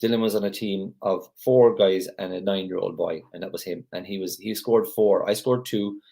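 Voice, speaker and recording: A man's voice: low-pitched, steady tone, normal speed, creaky, dark tone. A man leading a gratitude group on a live video call, talking casually in a chatty, rambling way with lots of restarts.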